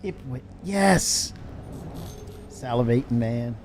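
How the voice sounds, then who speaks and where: A man in casual live-stream chat, animated and laughing as he talks to his chat. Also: medium pitch, slow pace, faint music behind.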